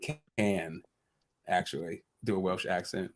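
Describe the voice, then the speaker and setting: A man's voice: deep voice, steady tone, slow, background noise. Joking, loose-talking male stream host. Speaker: podcast host. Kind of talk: casual boxing chat on a stream.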